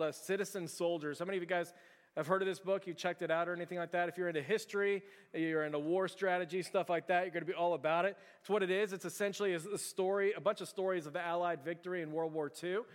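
A man preaching a sermon as pastor, telling stories in an animated, conversational and emphatic way. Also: high voice, quick pace, in a large hall.

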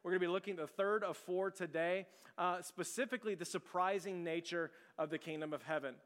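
Here a middle-aged man with a high-pitched, fairly bright voice preaches at a brisk, steady clip. He's a pastor in a church sanctuary, telling a story with chatty self-deprecation and asking his listeners questions, all under long hall reverb.

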